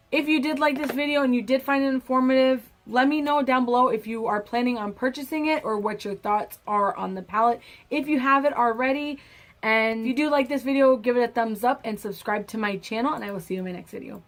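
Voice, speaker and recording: A woman chatting casually as a beauty vlogger reviewing a product, often restarting words and trailing off into quieter asides. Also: on the high side. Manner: chatty, self-correcting, trails off softly.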